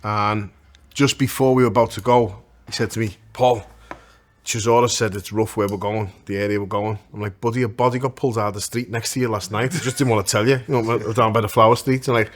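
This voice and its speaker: A man's voice: on the low side, fairly even intonation, fast. A man with a Liverpool accent, co-hosting a podcast and telling blunt, swearing anecdotes in casual chat. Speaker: podcast co-host.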